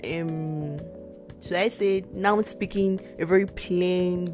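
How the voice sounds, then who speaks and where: A woman's voice: lowish voice, steady tone, slow, darkish tone, soft background music. A young woman with a Nigerian accent co-hosting a casual podcast chat, reflective and prone to repeating words for emphasis. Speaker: podcast co-host.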